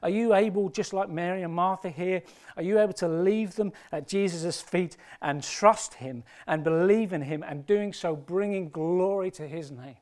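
Impassioned male preacher, fairly high voice. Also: normal speed. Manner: impassioned, swinging from hushed to loud. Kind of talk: sermon.

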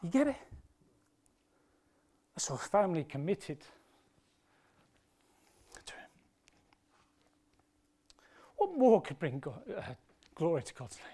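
A man preaching a sermon with passion, moving between hushed, emotional storytelling and loud, rising appeals. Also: fairly high pitch, very animated, slow, long pauses. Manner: impassioned, swinging from hushed to loud.

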